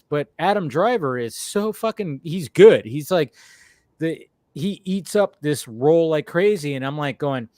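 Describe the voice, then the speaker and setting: Host, male, higher-pitched voice, rambling and profane, close dry mic. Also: lively intonation, moderate pace, dry recording. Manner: rambling, profane, repeats himself. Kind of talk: casual film discussion.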